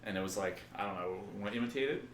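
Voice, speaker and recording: A man hosting a podcast and coaching fitness clients, speaking in a loose casual chat with frequent swearing. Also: on the low side. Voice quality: fast-talking, loose and profane. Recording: echoey room, faint noise.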